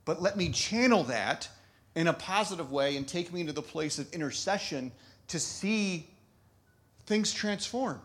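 A man's voice: high voice, a bit bright. A man preaching a conversational sermon, laughing often and restarting thoughts as he goes. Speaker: pastor.

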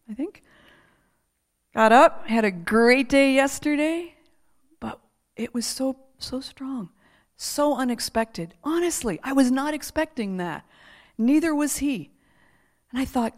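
High-voiced woman preacher, animated. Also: measured pace, long pauses. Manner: animated storytelling with laughter, sliding into hushed prayer. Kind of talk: testimony sermon and prayer.

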